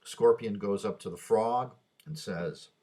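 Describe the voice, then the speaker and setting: A man's voice: fairly low pitch, a little slow, darkish tone, slightly rough. A man talking to himself in a late-night rambling monologue, musing aloud, stumbling over restarts and trailing off. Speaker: vlogger.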